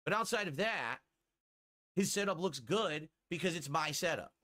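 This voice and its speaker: A man's voice: fairly high pitch, lively intonation, normal speed, bright, forceful tone. A man in a clip from his stream, talking in a brash, profane, bragging way. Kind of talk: casual stream chat.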